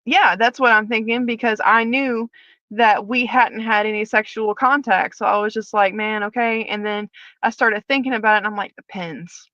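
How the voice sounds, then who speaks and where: A woman's voice: on the high side, fairly even intonation, normal speed, fairly bright tone, dry recording, highs cut off. A woman, a former prison officer, candidly telling her personal story as a guest and acting out the dialogue as she retells it.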